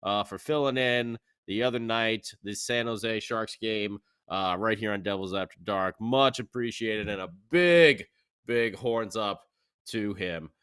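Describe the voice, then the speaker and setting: A man co-hosting a casual hockey recap podcast, talking in an animated, jokey way. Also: on the low side, measured pace, clean tone. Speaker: podcast co-host.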